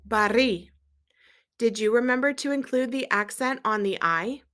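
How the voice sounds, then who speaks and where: A woman teaching a Spanish lesson, quizzing viewers and gently checking their accent marks as she switches between English and Spanish. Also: a little high, normal speed. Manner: asks quiz questions and gently checks accents. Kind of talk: recorded language lesson.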